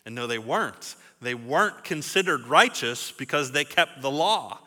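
A man's voice: mid-range voice, lively intonation, moderate pace, bright, forceful tone. A male pastor teaching a sermon in a conversational way, building to emphatic rhetorical questions. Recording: long hall reverb.

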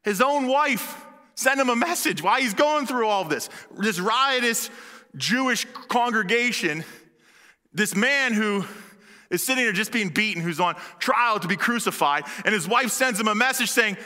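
High, bright-voiced man preaching a sermon. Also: normal speed. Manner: animated, conversational preaching. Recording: long hall reverb.

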